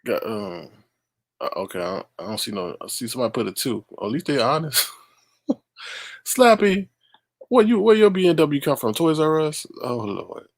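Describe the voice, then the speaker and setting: Lively middle-aged man reading news. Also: medium pitch, normal speed, no echo, clean studio sound. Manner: animated, exclaiming and laughing at the story; reads news aloud and talks to the chat. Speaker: live-stream host. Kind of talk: live-stream news commentary.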